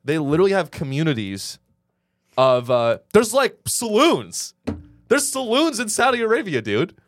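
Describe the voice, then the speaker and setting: A man's voice: high-pitched, sing-song, moderate pace. A man co-hosting a podcast, riffing in casual comedic banter with mock infomercial bits. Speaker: podcast co-host.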